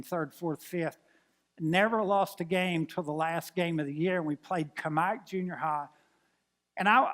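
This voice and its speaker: A man in his sixties, a pastor telling a folksy, animated story in a sermon. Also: high-pitched. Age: 60s.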